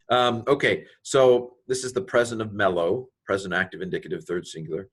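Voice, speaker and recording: Low-voiced man parsing Greek aloud. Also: slightly rough. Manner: thinks aloud, parsing each word with many ums and asides; delighted by small grammar discoveries. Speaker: Greek teacher. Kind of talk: informal walkthrough of a Greek text.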